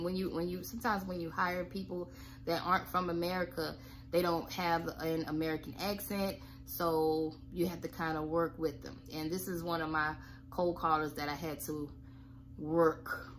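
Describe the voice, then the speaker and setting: A woman's voice: low voice, steady tone, measured pace, a little hiss or hum. Blunt, sassy woman coaching. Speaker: cleaning business owner and coach. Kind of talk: coaching talk to camera.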